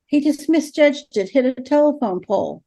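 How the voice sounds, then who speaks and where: An older woman being interviewed tells her stories in a voice that sits high, expressive and mellow, at a moderate pace. A ghost helper, she acts out the dialogue with lively animation.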